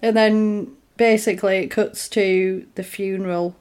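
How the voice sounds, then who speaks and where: Lady chatting through a movie plot, bouncy voice, mid pitch. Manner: animated retelling with quick quoted voices. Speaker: podcast co-host. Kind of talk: casual film recap chat.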